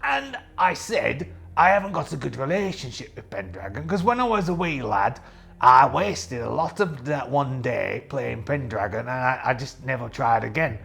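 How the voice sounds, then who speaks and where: A man's voice: mid-range voice, sing-song, normal speed, gravelly, fairly bright tone, faint music behind. A man playing a young, boastful pirate captain who rambles as he runs a solo tabletop game and answers his own questions. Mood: jovial. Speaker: host and solo game player.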